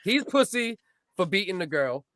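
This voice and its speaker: A man's voice: high-pitched, big pitch swings, normal speed, sharp tone, dry recording, studio quality. A man co-hosting a comedy podcast, needling his partner with crude jokes and mock summaries. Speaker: podcast co-host. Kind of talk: comedic banter.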